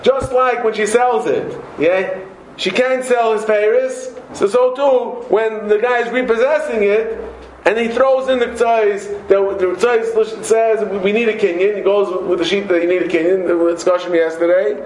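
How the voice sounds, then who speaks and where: A man giving a Talmud class lecture, animated, repeating words and joking with his students. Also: high voice, unhurried, slight background noise. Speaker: Talmud teacher. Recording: roomy echoey room.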